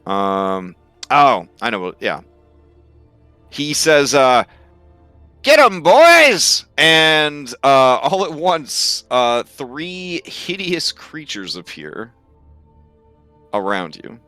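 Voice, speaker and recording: A man narrating as game master of a tabletop game, with a relaxed, hesitant delivery full of fillers. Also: mid-range voice, very slow, clear, resonant tone, no echo. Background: faint music.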